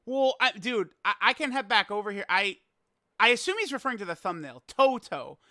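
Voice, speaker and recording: High, bright, exasperated young man. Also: big pitch swings, fairly quick, no room sound, studio quality. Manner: exasperated, laughing, rambling with stammered restarts. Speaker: gaming YouTuber. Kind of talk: casual reaction commentary.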